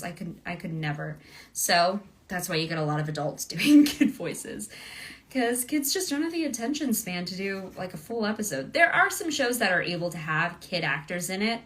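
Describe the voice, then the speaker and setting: A woman's voice: fairly low pitch, expressive, moderate pace, fairly bright tone. A woman voice actress chatting casually with fans during a livestream autograph session, bubbly and gushing, and laughing often.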